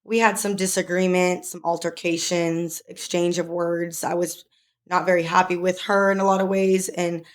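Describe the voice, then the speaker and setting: Young woman co-host, low steady voice, speaks openly and emotionally in a casual personal story. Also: normal speed. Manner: emotional, tearful at times, filler-heavy. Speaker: podcast co-host.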